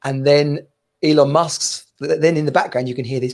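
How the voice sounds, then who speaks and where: A man in his thirties co-hosting a casual chat show, telling stories in an animated way and laughing often. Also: fairly high pitch, moderate pace. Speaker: podcast co-host.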